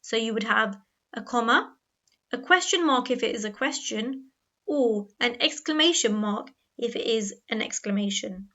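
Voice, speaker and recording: A woman teaching a grammar lesson, explaining clearly and patiently and slowing down on key words. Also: on the high side, lively intonation, pushed and bright. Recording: dull lo-fi voice-over.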